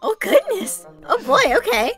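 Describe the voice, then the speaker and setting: A sleepy, gentle male bear creature, easygoing and a little gullible. The voice is extremely high and squeaky and leaps wildly up and down, with some music playing underneath. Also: huge pitch swings, measured pace, full character voice. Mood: drowsy. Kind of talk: Minecraft roleplay.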